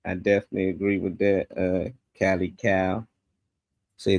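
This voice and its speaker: A man's voice: deep voice, completely flat delivery, normal speed, a little mellow. A man co-hosting a casual talk show who gives blunt, profane opinions with emphasis and speaks as a parent. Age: adult with children. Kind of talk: casual chat.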